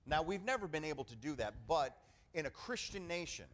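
A man's voice: on the high side, big pitch swings, brisk, fairly bright tone. Emphatic male pastor preaching. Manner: emphatic preaching with call-and-response "amen". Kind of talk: sermon.

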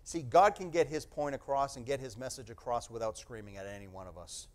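A man's voice: medium pitch, brisk, darkish tone. Man preaching with sweeping volume swings. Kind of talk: sermon.

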